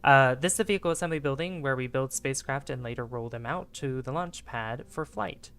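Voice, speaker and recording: A man's voice: medium pitch, brisk, a bit bright, clear, resonant tone, natural voice. A man putting on a British rocket engineer. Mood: formal guide. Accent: put-on British. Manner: formal, guided-tour narration. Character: male rocket engineer, chipper tour guide.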